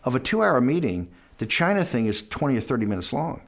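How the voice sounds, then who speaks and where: Telling a long anecdote as an interview guest, a man rambles, restarts his sentences, and quotes people with "I go." His mid-range voice moves quickly, swings widely in pitch, and carries vocal fry.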